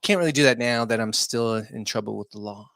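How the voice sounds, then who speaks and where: A man's voice: medium pitch, brisk, creaky, fairly bright tone, dry recording. A man guest on a casual podcast, laid-back and loose, filling his talk with "like". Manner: laid-back, lots of "like" fillers. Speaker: guest, filmmaker.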